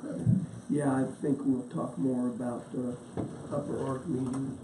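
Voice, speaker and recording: A man chairing a county board meeting, halting and searching for words at times. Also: mid-range voice, little pitch movement. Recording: echoey room from far off, faint hiss.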